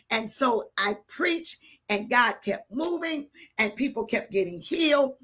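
An older woman who is a bishop preaches a live sermon and tells a personal story, swinging animatedly between hushed and shouted delivery. Her husky voice runs a little high and a little slow.

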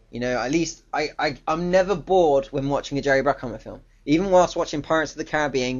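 A man giving a casual, ranting film review, blunt, profane and exasperated, on a dull lo-fi recording. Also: a little high.

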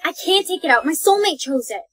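A young woman acting out comedy skits, dramatic and whiny, mocking and quick to shriek. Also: sits high, lively intonation, no echo, rough recording. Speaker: skit creator. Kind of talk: comic POV skit acting.

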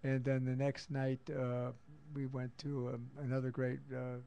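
A man's voice: medium pitch, completely flat delivery, unhurried, mellow, smooth, muffled recording. An older man hosting a live radio talk show, playful and affectionate, calling people baby and darling. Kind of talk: casual live radio chat. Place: radio studio.

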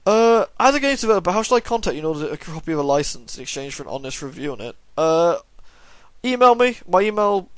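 A man's voice: high voice, big pitch swings, fast, no room sound. A tired young man casually reading out and answering viewer questions, rambling with dry, self-deprecating humour. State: tired, yawning. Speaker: YouTube gaming channel host.

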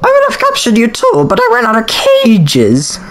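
A man's voice: very high voice, huge pitch swings, normal speed, fairly bright tone, slight background noise, voice pushed up, full character voice. A man voicing a pompous female computer queen, a grandiose theatrical villain. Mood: haughty.

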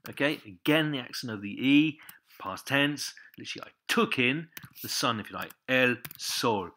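A man's voice: mid-range voice, lively intonation, moderate pace, sharp tone. A man giving a patient Spanish lesson, repeating each word and pointing out the accents again and again. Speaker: Spanish teacher. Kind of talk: step-by-step language lesson.

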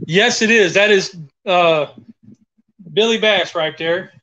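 Easygoing Southern dad on a livestream. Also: male voice, sits high, takes it slowly, a bit bright, highs cut off. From Carolinas, US. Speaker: host, father cooking with daughters. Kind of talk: casual livestream chat.

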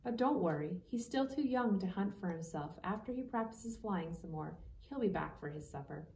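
A woman reading the lines of a patient father in a storybook, in a gentle reassuring way. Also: fairly low pitch, lively intonation, normal speed, creaky, slight background noise. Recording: echoey room, distant mic.

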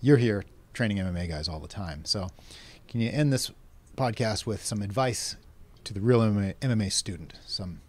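Quick-talking, low-voiced male podcast host. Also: expressive, darkish tone, breathy edge. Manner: brief backchannels, casual questions. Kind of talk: interview.

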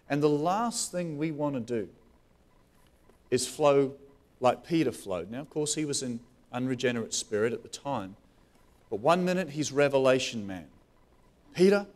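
A man preaching a sermon as pastor, animated, with restarts and rising questions. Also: mid-range voice. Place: church.

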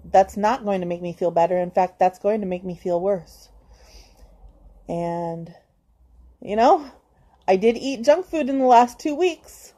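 A woman speaks straight to her viewers in a confessional vlog, her voice at an ordinary middle pitch. She is hesitant, stopping and restarting often with ums. She stays earnest as she talks herself into staying positive. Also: unhurried, pauses often, mellow. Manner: self-encouraging, earnest. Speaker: vlogger.

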